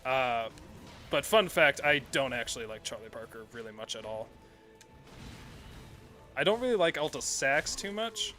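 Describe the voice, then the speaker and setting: Bright-voiced male game streamer. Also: mid-range voice, expressive, moderate pace, pauses often, soft background music. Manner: rambling, self-correcting, swears often. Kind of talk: casual live-stream commentary while playing.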